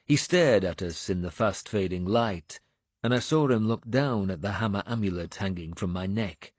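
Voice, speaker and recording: A man narrating an action audiobook in measured storytelling style, close to a studio microphone. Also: dry recording. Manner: measured storytelling, lively pitch. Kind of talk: scripted narration.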